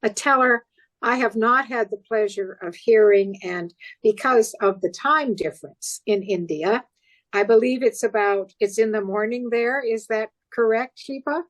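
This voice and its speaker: Woman emcee, halting intros with fillers, video call. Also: on the high side, rough recording. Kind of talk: introducing performers.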